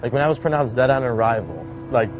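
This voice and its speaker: A young man recounting a personal survival story in a casual, halting way, with many "like" fillers. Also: medium pitch, expressive, lo-fi sound. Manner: casual, halting, heavy use of "like". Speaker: survivor telling his story. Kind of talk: documentary-style personal account. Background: background music.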